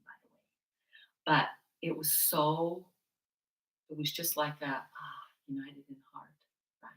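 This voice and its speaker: Bright-voiced woman leading chair yoga. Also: deep voice. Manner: chatty, mixes personal stories with movement cues. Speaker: yoga instructor. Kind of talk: guiding a seated chair yoga class. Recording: echoey room, mic at a distance.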